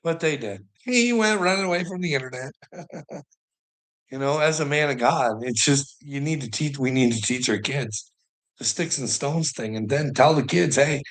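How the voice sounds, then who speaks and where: A man's voice: mid-range voice, moderate pace, a bit bright. A man ranting in a monologue, heated and swearing constantly, with short laughs between his points. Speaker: vlogger.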